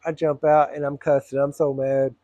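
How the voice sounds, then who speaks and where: A man, a truck driver, telling a story casually to camera, animated and profane, acting out both sides of an argument. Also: a little high, normal speed, dry recording, dull audio.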